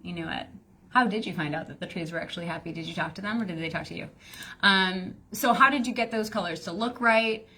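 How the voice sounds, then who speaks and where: A woman's voice: medium pitch, fast talker, sharp tone, husky. A woman business coach teaching casually on a live stream, rambling and chatty with lots of fillers.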